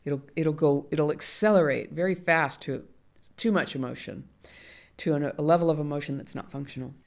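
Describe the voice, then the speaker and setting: A woman's voice: deep voice, normal speed, vocal fry, a little mellow. A middle-aged woman, a guest in an interview, talking candidly and animatedly, often laughing. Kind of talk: conversational interview.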